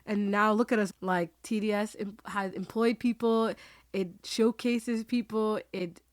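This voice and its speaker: A woman's voice: mid-range voice, fairly even intonation, unhurried, dry recording. Earnest woman in a dry podcast chat. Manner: earnest, emotional, laughs easily. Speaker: podcast host. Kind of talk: casual heartfelt conversation.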